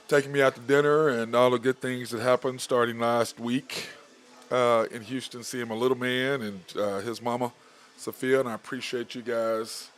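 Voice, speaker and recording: A man's voice: fairly low pitch, a bit bright, slight background noise. Laid-back man hosting a show. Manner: loose, laughing, rambling storyteller. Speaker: podcast host. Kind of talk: casual sports show chat.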